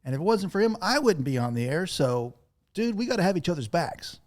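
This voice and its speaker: A man's voice: high voice, very animated, fairly quick, darkish tone, voice pushed up. A man voicing an easygoing, friendly fellow radio station owner who calls everyone dude. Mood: reassuring.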